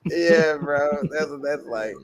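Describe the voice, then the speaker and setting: A man's voice: a little high, slow pace. A man on a podcast, joking in laid-back slang during casual chat.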